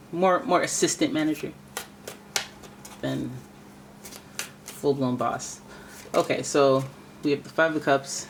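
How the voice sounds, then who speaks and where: A woman with a low, deep voice giving a playful, chatty tarot reading. She talks to her cards and jokes with the listener as she goes. A faint hiss of noise sits under her voice. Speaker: tarot reader.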